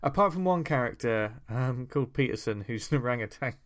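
A man's voice: medium pitch, expressive, brisk, a crowd in the background. A man co-hosting a podcast, chatting casually about comics, often agreeing and trailing off while searching for words. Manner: agreeable, frequent "yeah", trails off mid-thought. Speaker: podcast co-host.

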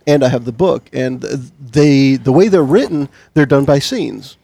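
A man's voice: mid-range voice, normal speed, vocal fry, warm tone, husky, dry recording. A man co-hosting a podcast, chatting casually about tabletop games, rambling with restarts and laughing often. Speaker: podcast co-host.

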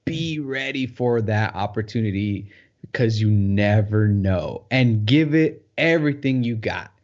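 A man's voice: lowish voice, animated, measured pace, darkish tone. A man hosting a podcast, talking enthusiastically and giving motivational asides in casual chat. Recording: dull lo-fi sound.

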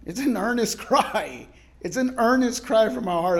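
A male guest pastor giving a sermon in a casual, storytelling way, laughing often and moving between loud cries and quiet asides. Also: high-pitched, animated, unhurried.

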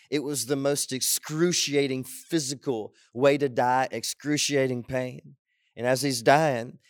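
A man's voice: a little high, no echo, clean studio sound. A man preaching a sermon with impassioned delivery and many rhetorical questions. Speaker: pastor.

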